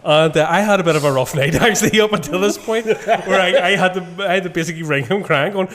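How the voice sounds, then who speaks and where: A young man with a Belfast accent tells anecdotes on a casual podcast, his voice sitting a little high. He laughs through his stories and swears freely. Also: fast talker, fairly bright tone. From Northern Ireland. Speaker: podcast co-host and musician. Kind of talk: casual chat, storytelling.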